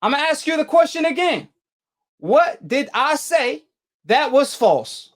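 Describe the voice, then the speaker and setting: A man's voice: very high-pitched, big pitch swings, measured pace. A man hosting a call-in boxing debate show, combative and slangy, hammering callers with the same challenge. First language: Arabic. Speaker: talk show host.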